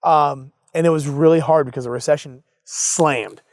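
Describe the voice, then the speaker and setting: A young adult man, a business founder, telling a story casually in an interview, animated and full of fillers and acted-out quotes. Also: a little high, normal speed, no room sound, clean studio sound.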